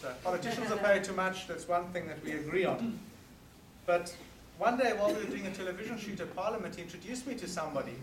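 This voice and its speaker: A South African man giving an earnest, forceful talk to an audience at an evening meeting. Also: sits high, fast talker, crowd noise. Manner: earnest and forceful, emphatic repetition. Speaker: guest speaker. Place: meeting hall. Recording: roomy hall recorded from a distance.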